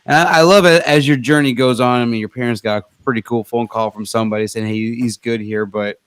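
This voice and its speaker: An enthusiastic man hosting a podcast, chatting casually and calling his guest dude. His voice is mid-pitched. He is recorded up close, with a dry sound and no room echo. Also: steady tone, fairly quick, clean tone. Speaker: podcast host.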